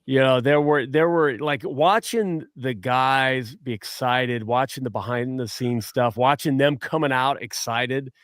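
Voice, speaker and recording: A man appearing as a guest on a sports chat show, telling animated stories with many restarts and acting out what other people said. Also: medium pitch, a little slow, hardly any pauses, no room sound, studio quality. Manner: animated storyteller, many restarts, acts out quotes. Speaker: guest superfan.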